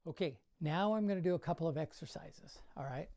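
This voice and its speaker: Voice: mid-range voice, a little fast, background noise. An older juggling coach giving a casual tutorial in a bedroom, counting throws aloud as he demonstrates and coaching in plain, encouraging words.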